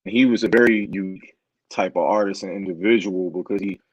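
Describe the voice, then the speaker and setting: A man from Philadelphia, a guest in a casual group chat on a video call, speaking in a measured, thoughtful way. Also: low voice, no echo, low-quality recording.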